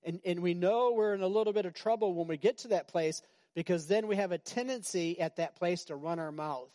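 Middle-aged male pastor, slightly high voice, chatty sermon delivery with repeated phrases and sudden outbursts. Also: brisk, warm tone. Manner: conversational preaching with repetitions and sudden outbursts.

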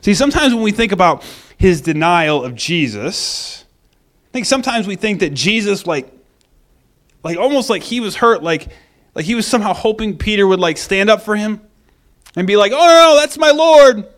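A man preaching a conversational sermon in an animated way, acting out the quoted lines. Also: sits high, normal speed.

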